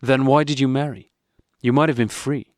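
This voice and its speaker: A man's voice: medium pitch, steady tone, moderate pace, no echo, studio quality, voice pushed up, lightly acted. A man reading an audiobook, voicing a young wife who pleads and protests indignantly. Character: young wife, upset and insistent.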